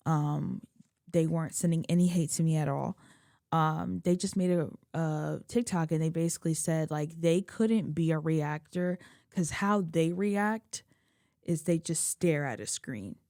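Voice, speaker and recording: A young woman, a video creator, talking through tears in a halting, emotional confessional vlog. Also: fairly low pitch, dark tone, dry recording, studio quality. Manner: tearful, halting, many restarts. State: crying.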